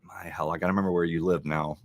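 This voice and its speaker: A man hosting a casual live stream, joking and thanking viewers in an animated way. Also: deep voice, racing, no room sound. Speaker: livestream host. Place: home in Rochester, New York.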